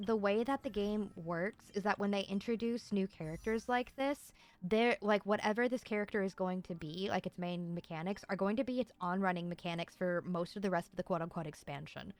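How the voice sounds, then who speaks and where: A young woman streaming a video game, gushing and excitable, swearing as she reacts. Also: medium pitch. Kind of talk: casual live-stream commentary.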